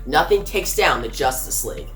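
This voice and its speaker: A woman's voice: deep voice, animated, normal speed, a bit bright, reverberant, faint music behind. Woman reading a tough, blunt cyborg hero. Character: tough, angry young male cyborg hero.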